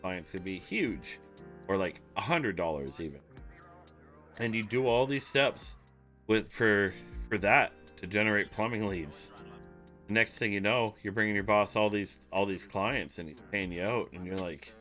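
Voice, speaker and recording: Deep-voiced man, bright and forceful. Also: measured pace, soft background music. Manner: loose and rambling, with jokes and swearing. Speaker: online marketing streamer. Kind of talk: casual livestream talk.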